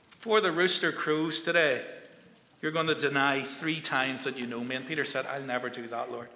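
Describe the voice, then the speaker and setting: A man's voice: sits high, sharp tone. A man giving a Bible talk to schoolboys, telling the story and asking them questions. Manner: storytelling, asks the listeners questions. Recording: echoey hall with long reverb.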